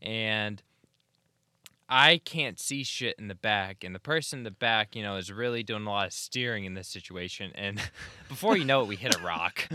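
A man's voice: lowish voice, moderate pace, sharp tone. A man co-hosting a podcast, recounting a trip in a laid-back, casual storytelling way. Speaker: podcast co-host. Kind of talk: casual chat.

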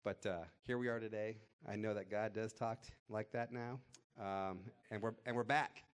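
A man telling a personal testimony, animated and acting out the people in it. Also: lowish voice, moderate pace. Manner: animated storyteller acting out dialogue. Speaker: guest sharing testimony. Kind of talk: storytelling testimony.

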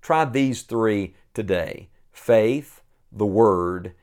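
A man preaching a sermon, earnest and emphatic, slowing down to stress key phrases and reading scripture aloud. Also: lowish voice, lively intonation, a little mellow, clean tone.

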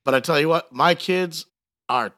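A man's voice: a little high, moderate pace, fairly bright tone. A man telling joking stories about his kids in a casual chat. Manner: joking, anecdotal, laughs easily.

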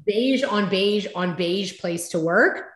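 A woman telling her career story as an interview guest, lively and acting out past conversations. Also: medium pitch, measured pace, roomy sound. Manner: animated, acts out past conversations.

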